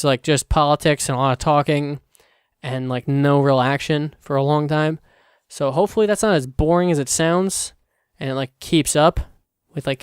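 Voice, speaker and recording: A man's voice: on the high side, smooth, dry recording, studio quality. A young man hosting a casual solo podcast, rambling with lots of "like" and restarts, swearing casually. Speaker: podcast host.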